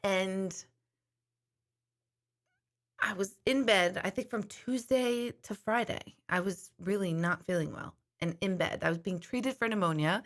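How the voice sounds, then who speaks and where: A woman's voice: mid-range voice, measured pace. A middle-aged woman host chatting casually to her viewers, telling a long rambling story. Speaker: intuitive host.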